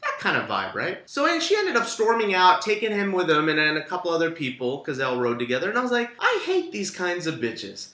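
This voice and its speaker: A man hosting a podcast, telling a story in a lively, profane, casual way. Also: on the high side, fast talker, hardly any pauses. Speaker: podcast host. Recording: roomy echo.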